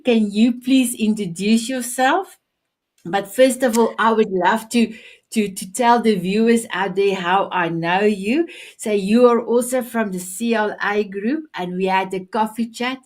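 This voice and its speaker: A woman's voice: mid-range voice, unhurried. A woman hosting a live online talk show, effusive and rambling, just recovering from food poisoning. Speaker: show host.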